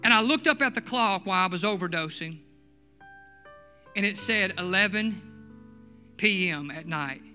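High-voiced preacher, bright and intense. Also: male voice, normal speed, long pauses, faint music behind. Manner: swings from hushed storytelling to shouting. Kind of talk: sermon testimony. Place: church.

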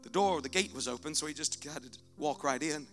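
A man preaching a sermon in church, swinging between shouted exhortation and hushed prayer. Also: a little high, fast talker, soft background music.

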